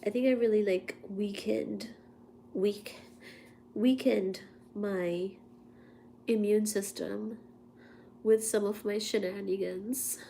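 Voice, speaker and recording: A woman's voice: medium pitch, fairly even intonation, takes it slowly, creaky, long pauses, warm tone, slight background noise. A woman hosting a casual livestream while congested with a cold, chatty and laughing at herself between coughs. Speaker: livestream host.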